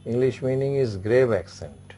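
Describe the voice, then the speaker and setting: A man's voice: mid-range voice, animated, moderate pace, dark tone, a little hiss or hum. Man teaching a French class. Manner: repetitive, instructive, frequent "okay" and "say". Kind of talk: classroom language lesson.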